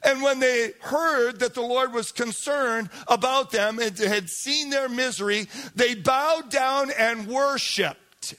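A male pastor preaching an animated sermon, asking the congregation to repeat words back. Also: very high voice, slow pace, few pauses. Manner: animated, calls for congregation responses.

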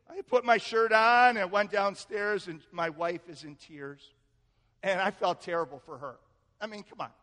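High-voiced preacher in a reverberant hall. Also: male voice. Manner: storytelling, animated, acts out family quotes with rising pitch. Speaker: pastor. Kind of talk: sermon. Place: church sanctuary. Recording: echoey hall with long reverb.

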